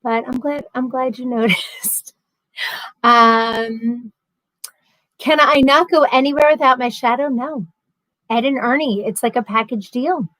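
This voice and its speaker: A young woman with a fairly high voice hosts a casual livestream, chatting freely and reading out viewer comments. She laughs easily and keeps it loose. The sound is dry and close, with no room around it. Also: a little slow, fairly bright tone, no room sound, rough recording. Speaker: livestream host.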